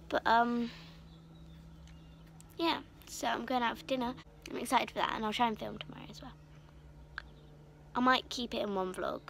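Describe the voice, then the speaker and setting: A woman's voice: fairly high pitch, fairly even intonation, normal speed, creaky, pauses often, a bit bright, a little hiss or hum. A schoolgirl in her early teens, chatting playfully to her phone camera at home. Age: young teen. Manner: chatty, playful, talks to her pets in a silly voice. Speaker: vlogger. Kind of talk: casual vlog chat. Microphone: phone camera held close.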